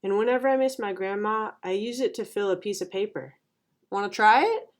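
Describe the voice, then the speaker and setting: A woman reading aloud and voicing a quiet young schoolgirl, speaking softly and gently. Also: mid-range voice, brisk, lightly acted. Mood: gentle. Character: young Korean girl, new at school, quiet.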